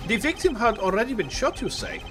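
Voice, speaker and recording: A man's voice: sits high, very animated, brisk, music in the background, voice pushed up. A man reading a smug young prosecutor.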